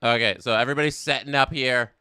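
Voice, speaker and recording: A fast-talking young man with a smooth, medium-pitched voice hosts a casual live watch-along, recorded dry with clean studio sound. He calls the match, chats with his audience, reads chat aloud, and lets out excited bursts on big plays.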